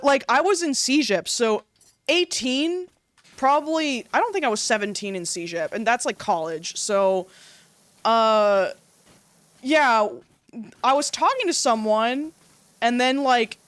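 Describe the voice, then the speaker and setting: A young woman streamer telling stories in casual livestream chat, animated, swearing freely and laughing often. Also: a little high, no room sound.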